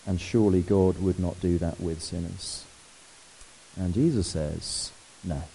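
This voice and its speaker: A man preaching a sermon, lively and conversational, asking the congregation questions. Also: deep voice, unhurried, creaky, slight background noise, low-quality recording.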